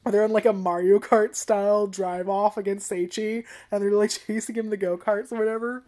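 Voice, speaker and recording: A woman's voice: medium pitch, steady tone, brisk, a little mellow. A young woman giving an unscripted, casual anime review, rambling and giggly and swearing freely.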